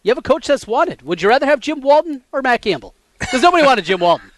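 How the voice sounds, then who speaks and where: A man co-hosting a sports radio show, laying out background facts in a measured way and getting lively when he jokes. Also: very high-pitched, dry recording. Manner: measured, recalls facts in detail, gets animated when joking. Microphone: studio mic.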